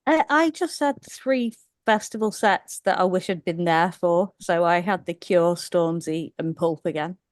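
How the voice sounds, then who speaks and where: A woman's voice: fairly low pitch, unhurried, hardly any pauses. A woman on a fan podcast panel giving brief, dry answers in a casual chat.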